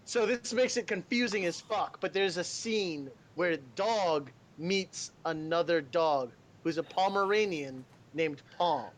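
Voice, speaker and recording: A man co-hosting a casual anime podcast, telling stories in a profane, animated way and laughing often. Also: high-pitched, measured pace, hardly any pauses. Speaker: podcast co-host.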